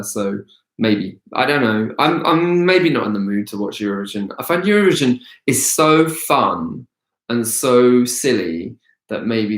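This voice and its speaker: A man's voice: on the low side, echoey room. A man hosting a casual live-stream Q&A as an actor, chatty and rambling with many hesitations. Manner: rambling, hesitant, full of ums.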